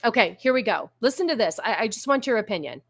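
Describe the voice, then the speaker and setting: A woman's voice: a little high, animated, quick pace, fairly bright tone. A woman from California hosting a casual livestream, chatting with viewers in a sassy, laughing way and slipping into a valley girl voice. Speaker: livestream host. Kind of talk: casual chat with live chat viewers.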